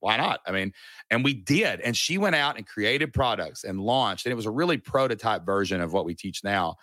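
A man in his thirties from Kentucky telling his story as a podcast guest, with lively asides and fillers. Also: lowish voice, moderate pace, dry recording, clean studio sound. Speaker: guest entrepreneur. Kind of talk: casual storytelling interview.

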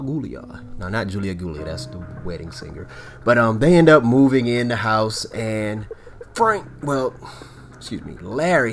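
A man casually recapping a horror movie, animated and excitable, full of fillers and asides. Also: on the low side. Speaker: movie reviewer.

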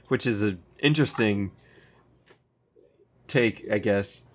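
A man's voice: fairly low pitch, fairly even intonation, a little slow, long pauses, fairly bright tone. A man casually recapping a show for co-hosts, rambling and swearing freely with frequent laughs. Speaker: podcast co-host recapping an anime. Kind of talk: casual chat.

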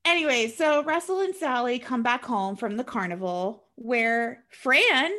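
Female podcast co-host, higher-pitched, chatty recapper with dry asides. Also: unhurried. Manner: chatty, animated storytelling with sarcastic asides. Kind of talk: casual chat.

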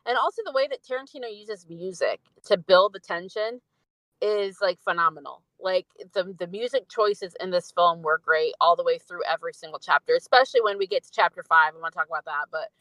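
A woman's voice: lowish voice, a little fast, bright, forceful tone, no room sound, low-quality recording. A young woman chatting casually as a podcast co-host, rambling and filling her talk with "like". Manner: rambling, fills speech with "like". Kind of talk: casual film review chat.

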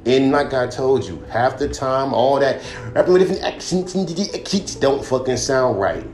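A man's voice: medium pitch, lively intonation, normal speed, a little mellow. A young man and rapper hosting a podcast, ranting bluntly with constant swearing and mocking his critics. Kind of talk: profane casual rant. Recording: echoey room with faint music.

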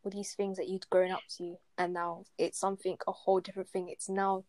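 A young woman hosts the panel, asking her questions casually and rephrasing as she hunts for the right words. Her voice is mellow and warm. The sound is dry and close. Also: medium pitch, little pitch movement, a little fast, dry recording, poor audio. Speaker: host. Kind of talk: casual discussion.

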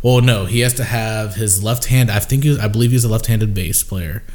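Rambling, jokey young man, lowish voice. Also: a little fast, a little mellow. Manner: rambling, jokey, filler-heavy. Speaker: podcast co-host. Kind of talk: casual chat.

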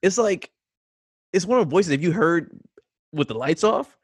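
A young man, a podcast co-host, joking and teasing in casual chat and quick to laugh. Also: high-pitched, expressive, breathy edge, no echo, studio quality.

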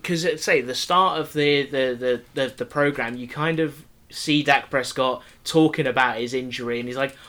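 Male co-host, bright tone, casual rambling football talk. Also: mid-range voice, normal speed, few pauses. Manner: rambling, lots of fillers and restarts. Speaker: podcast co-host. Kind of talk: casual sports chat.

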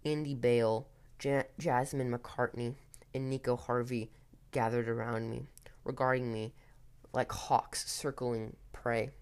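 A man telling a first-person horror story in a tense, hurried way with occasional restarts. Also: mid-range voice.

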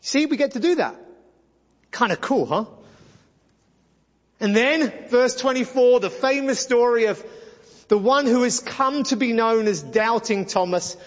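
A man's voice: very high voice, animated, a little slow, pauses often, big-room sound, lo-fi sound. A man preaching a sermon as pastor, conversational and emphatic with playful asides.

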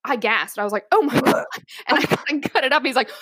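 A woman's voice: high voice, fast talker, no echo. A woman police officer telling a funny work story in casual chat, laughing often and acting out the voices of others. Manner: animated, laughs often, acts out quoted voices.

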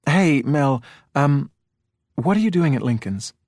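A tense, sharp-tongued woman detective, as a male audiobook narrator puts her on, firing off clipped, blunt lines in a raised voice. The sound is dry and close, with no room around it. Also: mid-range voice, lively intonation, a little slow, dry recording, voice pushed up. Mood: irritated.

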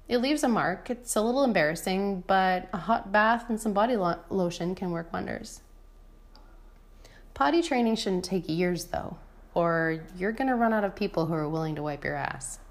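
A woman's voice: mid-range voice, expressive, moderate pace. Wry, frank woman reading her essay. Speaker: mother of a toddler. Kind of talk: reading a personal essay aloud.

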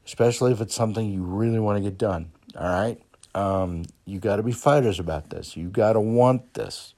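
A man's voice: on the low side, normal speed, warm tone. A man hosting a motivational podcast, talking in a folksy, encouraging way with lots of ums and repeated "okay?". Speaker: podcast host. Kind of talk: motivational monologue. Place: Plymouth, Massachusetts.

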